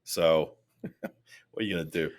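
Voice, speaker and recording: A man co-hosting a casual podcast, telling animated stories that rise into loud mock rants. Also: rumbling low, normal speed. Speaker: podcast co-host.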